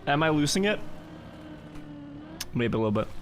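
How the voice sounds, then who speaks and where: A man's voice: a little high, big pitch swings, moderate pace, slight background noise. A young man chatting casually with his viewers during a live game stream, rambling and joking as he thinks aloud. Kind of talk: casual live-stream chat while gaming.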